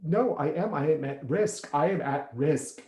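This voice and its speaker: A man playing an anxious recovering alcoholic on the phone to his sponsor, halting and stammering as he repeats himself. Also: fairly high pitch, darkish tone, close to an everyday voice. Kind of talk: stage monologue acting. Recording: echoey room.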